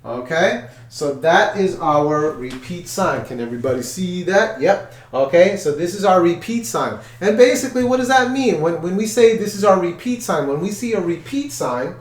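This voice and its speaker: Male music teacher, coaxing call-and-response manner, fairly high voice, roomy echo. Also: lively intonation, normal speed, far from the mic. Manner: upbeat, coaxing, counts in and chants call-and-response. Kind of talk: children's music lesson. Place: room with chalkboards. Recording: echoey room.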